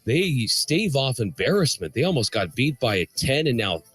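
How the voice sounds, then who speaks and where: Brisk radio sports-update man. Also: medium pitch, sing-song, a bit bright, breathy edge, soft background music. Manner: brisk, reads scores in a newsy cadence.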